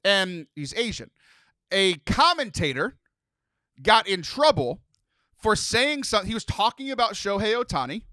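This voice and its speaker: Male podcast host from Texas, animated rambler, bright tone. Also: sits high, moderate pace, dry recording. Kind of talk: casual podcast chat.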